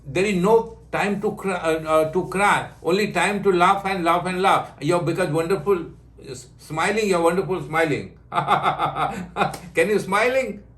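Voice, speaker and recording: An older man, a spiritual teacher leading an online satsang in broken English, joking gently and giving blessings. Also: sits high, a little slow. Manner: warm joking, broken English, chants and sings. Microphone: video call. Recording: echoey room over video call.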